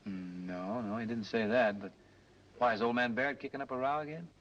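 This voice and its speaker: An actor playing an easygoing young cab driver and crooner, breezy and joking, in a 1930s film. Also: male voice, mid-range voice, brisk, fairly bright tone, natural voice. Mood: helpful. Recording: dull old film soundtrack with hiss.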